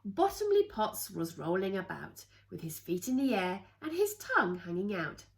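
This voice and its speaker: A woman reading a rhyming picture book aloud to children, in an expressive sing-song way with playful asides. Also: mid-range voice, moderate pace. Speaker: children's storyteller.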